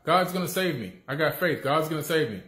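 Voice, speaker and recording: A man's voice: a little high, lively intonation, a little fast, a bit bright. A man voicing a stubborn castaway adrift at sea who insists on waiting to be saved. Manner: insistent, pleading. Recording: echoey room.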